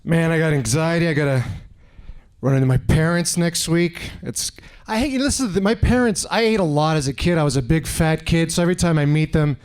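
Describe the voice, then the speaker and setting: A man's voice: a little high, fairly quick, darkish tone, clean tone. A man in his forties from Canada doing a stand-up set on a club stage, telling stories animatedly and acting out other people's voices. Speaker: stand-up comedian. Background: audience laughter.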